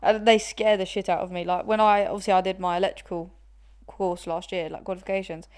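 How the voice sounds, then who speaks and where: A woman's voice: mid-range voice, flat delivery, fairly quick, darkish tone, clean tone. A young woman in her twenties co-hosting a podcast, chatting casually and laughing often, with plenty of swearing. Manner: laughs a lot, swears freely. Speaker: podcast co-host. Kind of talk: casual chat.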